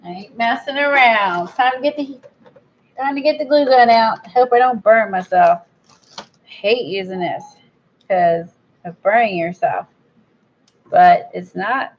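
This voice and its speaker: A woman's voice: mid-range voice, a little slow. A woman chatting casually while she crafts, blunt and rambling, with an admittedly impatient streak. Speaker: crafter vlogger. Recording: dull lo-fi recording.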